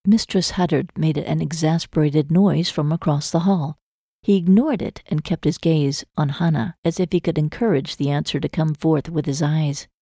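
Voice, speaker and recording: A woman with a low-sitting voice narrates a romance novel as an audiobook narrator, reading a script in a measured, even storytelling style. The studio sound is clean, with no room sound.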